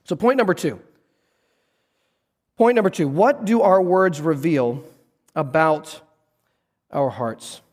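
Male pastor, high voice, earnest sermon delivery, restarts phrases, church hall reverb. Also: lively intonation, slow, pauses often. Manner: earnest preaching with repeated restarts.

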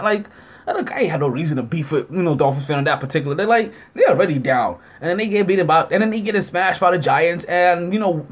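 Animated podcast host telling a story. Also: male voice, breathy edge. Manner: animated, acts out both sides of an argument with rising pitch; heavy use of fillers like "like" and frequent laughter. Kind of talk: casual storytelling.

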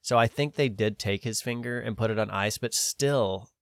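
On a podcast, a male host with a lowish voice spins a long, relaxed story at a normal speed, voicing other people's quotes himself and cursing occasionally. The recording is dry.

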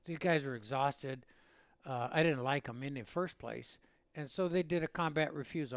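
A man calmly telling a war story from his own service, in a plain, matter-of-fact way. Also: medium pitch, normal speed, no echo. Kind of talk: spoken recollection in an interview.

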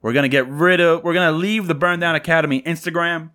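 Chill podcast host dude wrapping up the episode, easygoing. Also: male voice, fairly high pitch, quick pace. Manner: relaxed, laid-back sign-off with plugs for the show. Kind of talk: casual chat, signing off the show.

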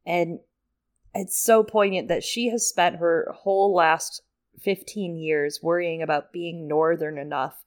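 A woman's voice: on the low side, steady tone, unhurried. A woman co-hosting a casual book podcast, summarizing chapters with swearing and frequent laughter. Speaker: podcast co-host.

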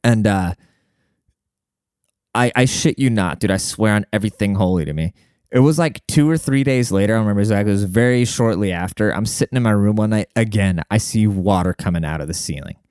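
A young man telling a long story to his viewers in a casual, profane, animated way, talking to them like a buddy. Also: lowish voice, a little fast, smooth, no echo, studio quality. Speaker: vlogger.

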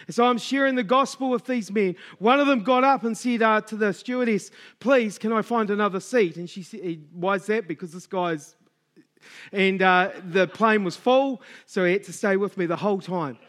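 A middle-aged man preaching a sermon, telling a story and acting out the dialogue before building to loud exhortation. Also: high-pitched, normal speed.

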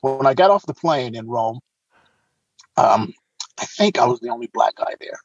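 A man with a husky voice tells animated anecdotes as an interview guest, often restarting his sentences. The sound is slightly muffled and dull. The room is dry and close. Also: mid-range voice, normal speed, dry recording. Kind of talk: casual storytelling.

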